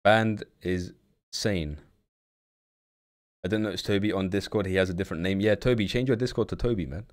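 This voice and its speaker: A man's voice: low voice, moderate pace, long pauses. A young man streaming live, blunt and slangy, swearing freely as he chats with viewers. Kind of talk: casual live-stream commentary.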